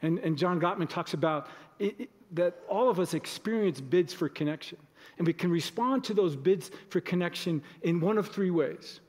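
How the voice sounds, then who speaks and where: A man's voice: high-pitched, moderate pace, a little mellow, in a large hall. A male pastor giving a conversational sermon in a church, sometimes acting out short everyday exchanges. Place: church sanctuary.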